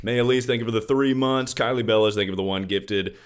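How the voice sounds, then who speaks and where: A young man streaming from his room at home, loud and jokey, thanking viewers by name in casual chat. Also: lowish voice, quick pace, clean tone.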